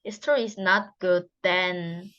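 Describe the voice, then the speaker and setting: A woman's voice: on the low side, fairly even intonation, takes it slowly, a bit bright, smooth. A woman with a Korean accent, a student speaking English as a second language, hesitant and searching for words. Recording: dull lo-fi audio.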